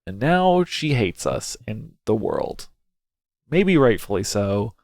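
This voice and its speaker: A man's voice: on the low side, big pitch swings, takes it slowly, vocal fry, darkish tone, no echo. A man playing through a story game, commenting anxiously, swearing, and reading some lines half in character. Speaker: game streamer. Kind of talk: let's play commentary, reading dialogue aloud. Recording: music playing behind. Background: game music.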